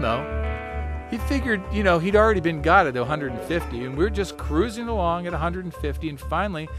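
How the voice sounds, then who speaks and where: A man telling a first-person story in an animated, wry way. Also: mid-range voice.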